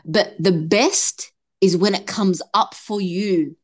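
A woman's voice: mid-range voice, slow. A woman in her thirties, a podcast guest, talking earnestly and with feeling about faith and motherhood. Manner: earnest, animated, switches into quoted voices. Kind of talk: emotional faith and fertility talk.

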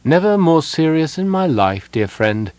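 A man voicing a cold, scheming elven wizard advisor in an audiobook, calm and self-assured. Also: fairly high pitch, unhurried, no echo, pitched above the performer's own voice. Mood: smooth.

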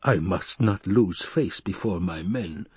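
A man reading an audiobook and voicing a scheming, gluttonous baron, speaking slowly and coldly. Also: darkish tone, husky, no echo, full character voice. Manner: slow, low, cold and calculating. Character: scheming, gluttonous male baron, cold and wary.

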